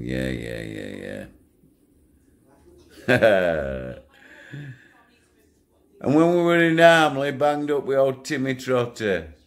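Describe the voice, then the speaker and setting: Slow, blunt older man. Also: fairly low pitch. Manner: blunt, sweary, storytelling with chuckles. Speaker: channel owner. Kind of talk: casual rambling monologue to viewers.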